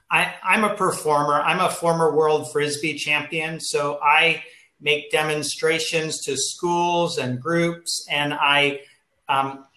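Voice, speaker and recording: Hesitant bright-voiced man in an echoey room. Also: a little high. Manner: hesitant, full of ums and restarts. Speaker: guest asking a question. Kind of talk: casual chat on a video call. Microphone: video call.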